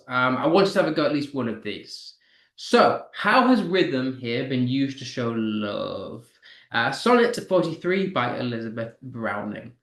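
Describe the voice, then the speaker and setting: This male English teacher reads student comments aloud and responds during an online poetry class, slowing down to stress syllables as he marks the poem's rhythm. He has a medium-pitched, fairly bright voice with a reverberant sound.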